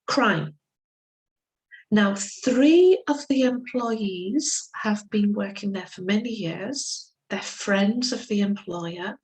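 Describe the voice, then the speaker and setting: Slow, deliberate woman lecturing. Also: mid-range voice, darkish tone, poor audio. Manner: slow, deliberate storytelling, acting out quoted speakers. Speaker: legal English teacher. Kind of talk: lecture with case stories.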